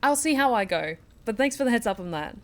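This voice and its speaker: A woman's voice: a little high, animated, fast. Woman streamer chatting away with chat while she plays, chatty and easygoing. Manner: chatty, thanks chat, self-reassuring. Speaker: game streamer. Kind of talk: casual let's-play chat.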